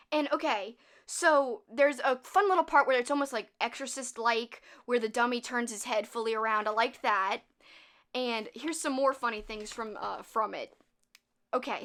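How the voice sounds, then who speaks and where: A woman's voice: on the high side, fairly bright tone. A young woman chatting casually about old movies, mocking and acting out scenes. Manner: chatty, laughing at the film, acts out quotes. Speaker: channel host.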